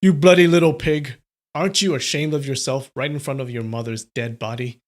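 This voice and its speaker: A proud middle-aged master bellows in fury at his own son, as a man reading a story puts him on. His lines come out loud and harsh. It is a storybook reading with raised, angry delivery. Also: mid-range voice, brisk, natural voice. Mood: enraged. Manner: loud, yelling outbursts.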